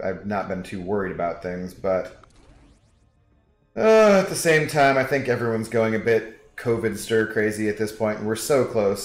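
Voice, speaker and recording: A young man casually chatting with viewers during a game livestream, rambling and reading chat messages aloud. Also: fairly low pitch. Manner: laid-back, rambling, reads chat aloud. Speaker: game streamer. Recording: echoey room with background music.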